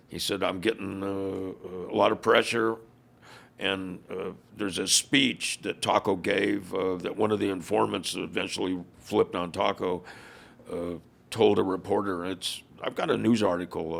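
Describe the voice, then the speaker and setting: An older man who once led a biker club tells stories in a podcast interview, acting out what people said. His deep, gravelly voice is steady and fairly bright in tone, at a moderate pace.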